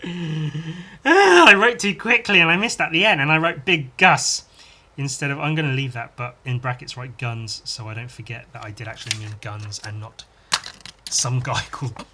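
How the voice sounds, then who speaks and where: A man's voice: medium pitch, fairly even intonation, moderate pace, bright, forceful tone, a little hiss or hum. A man hosting a podcast, chatting casually and enthusiastically while reading a comic and adding his own sound effects. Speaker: podcast host.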